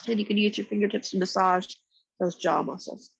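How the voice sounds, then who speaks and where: Stuffed-up woman leading yoga, kinda gravelly, dry dull mic sound. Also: mid-range voice, no room sound. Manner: slow, calm step-by-step cues. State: congested. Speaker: yoga instructor. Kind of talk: guided yoga instruction. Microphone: external mic nearby.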